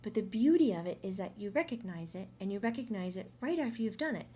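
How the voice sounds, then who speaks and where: A woman talking through a monthly spiritual energy update in a chatty, animated way, often acting out inner voices. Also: mid-range voice, fast, breathy edge. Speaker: medium.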